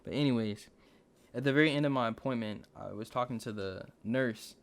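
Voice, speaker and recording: A man casually telling a story for a video, slangy and animated, wandering into tangents. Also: mid-range voice, brisk. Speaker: storytime YouTuber.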